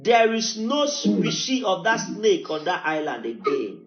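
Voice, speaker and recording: A man's voice: sits high, big pitch swings, a little slow. A man, preaching as pastor, who tells a story with a lot of repetition, calls on listeners to answer, and builds into chanted prayer. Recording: echoey, dull church audio.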